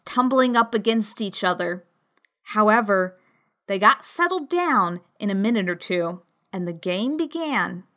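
A woman narrating a storybook in a measured, expressive way. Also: a little high. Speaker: audiobook narrator.

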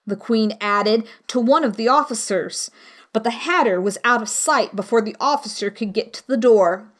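A woman reading a children's classic aloud as an audiobook narrator, in a measured way. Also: medium pitch. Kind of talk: storybook narration.

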